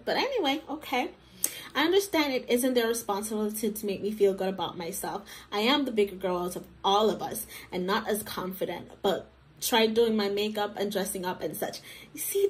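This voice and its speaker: A woman hosting casual commentary on a story, chatty and animated, often laughing and acting out what her friends say. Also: on the high side, moderate pace. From Jamaican heritage. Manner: animated, laughing, acts out friends in quoted voices. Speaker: commentary host.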